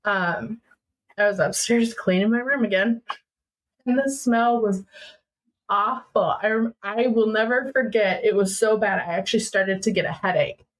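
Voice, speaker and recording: In a rough recording, a young woman from Minnesota shares a personal story on a podcast at normal speed, her medium-pitched voice animated as she acts out things her relatives said.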